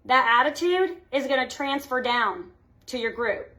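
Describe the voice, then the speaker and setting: A woman's voice: sits high, expressive, a little slow, pushed and bright. A woman gives a chatty motivational talk to her sales team, checking in with "okay?" after nearly every point. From United States. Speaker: team leader.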